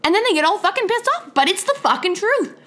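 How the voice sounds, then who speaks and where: A woman's voice: very high-pitched, very animated, fast, fairly bright tone. A young woman hosting her own podcast, ranting bluntly and heatedly, swearing in nearly every sentence. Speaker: podcast host. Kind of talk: profane solo podcast rant.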